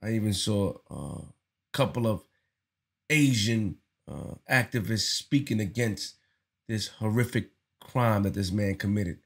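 A man's voice: fairly low pitch, unhurried, creaky, husky. A man giving casual spoken commentary on his channel, earnest and slangy, often repeating himself as he talks it through. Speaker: vlogger.

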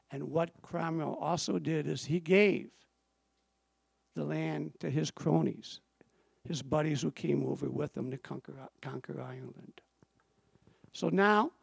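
A man's voice: a little high, gravelly, darkish tone, breathy edge, no room sound. A middle-aged man, an author and storyteller, giving an emphatic live history talk to an audience and repeating phrases for effect.

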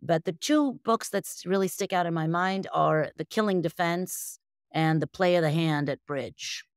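A woman's voice: on the low side, normal speed, no room sound, clean studio sound. A woman from the United States, a guest on an interview show, answering casually and rambling with lots of fillers and restarts. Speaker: guest, bridge champion.

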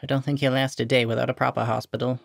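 A grim old war veteran speaks slowly and gravely, voiced by a man reading a story aloud. His voice is gravelly and the sound is dry and close. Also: medium pitch, little pitch movement, dry recording, close to an everyday voice.

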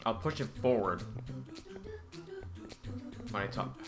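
A man's voice: fairly low pitch, normal speed, pauses often. A man giving let's-play commentary, easily frustrated, exclaiming and grumbling at the game as he plays. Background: game music.

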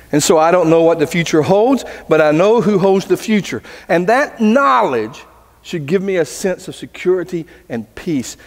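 A man's voice: medium pitch, in a large hall. A man preaching as a pastor, earnest, telling a story with voices. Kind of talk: sermon. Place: church sanctuary.

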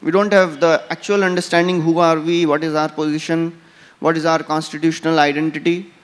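A man's voice: on the high side, little pitch movement, brisk. Indian man lecturing in a temple hall. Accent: Indian English. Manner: storytelling with frequent "you know" fillers. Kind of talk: scripture class lecture. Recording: temple hall with long reverb.

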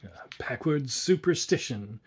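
A man's voice: lively intonation, breathy edge. A man voicing a nervous, irritable younger man, in a raised, tense tone. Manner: higher, tense and quick.

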